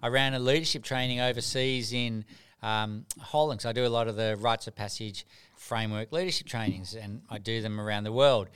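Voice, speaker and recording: A man's voice: lowish voice, fairly even intonation, fairly quick, fairly bright tone, clear, resonant tone. A middle-aged man, a doctor and mentor, telling stories earnestly in a casual interview, often repeating words as he starts.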